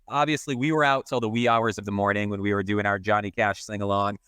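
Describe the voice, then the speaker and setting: Brief: man, podcast co-host, profane and lively, close dry mic. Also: lowish voice, quick pace, clean tone, no room sound. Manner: profane, swears constantly; lively, self-mocking storyteller. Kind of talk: casual storytelling chat.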